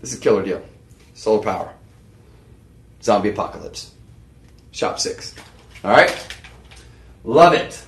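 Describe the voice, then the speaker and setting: A man hosting a live home shopping show, pitching products in a chatty, rambling way with lots of fillers and restarts. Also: sing-song, unhurried, pauses often, a bit bright, roomy sound, slight background noise. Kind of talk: live on-air sales pitch. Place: TV shopping studio.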